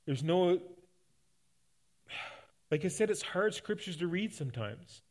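A middle-aged Canadian pastor preaches a sermon built on personal stories, in a folksy, conversational style and often restarting his sentences. His voice is high-pitched, with lively intonation and a measured pace.

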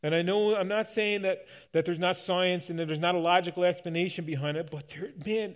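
A man's voice: sits high, steady tone, brisk, few pauses, smooth. A middle-aged man from Canada, a pastor preaching a sermon in a conversational, folksy storytelling way, often restarting his sentences. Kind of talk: sermon with personal stories.

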